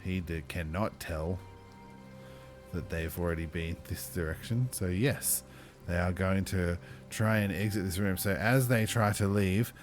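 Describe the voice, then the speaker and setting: A man running a tabletop game as game master, chatty and thinking aloud, with lively exclamations. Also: deep voice.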